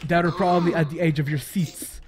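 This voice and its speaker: A man commentating his own online shooter match, excitable and laughing, bantering with teammates as he plays. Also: a little high, fairly quick, background noise. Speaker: gaming YouTuber. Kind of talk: casual gameplay commentary.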